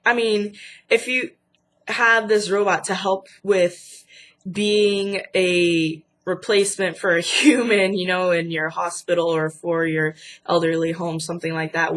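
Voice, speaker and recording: A woman's voice: on the low side, measured pace, a bit bright. A young woman hosting a casual vlog, chatty and indignant with lots of fillers, sounding stuffy from a cold. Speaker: channel host.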